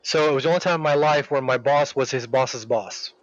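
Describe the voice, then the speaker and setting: A man telling a long workplace story in casual chat while streaming a game, rambling and animated, acting out the people he quotes. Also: mid-range voice, brisk, dry recording, lo-fi sound.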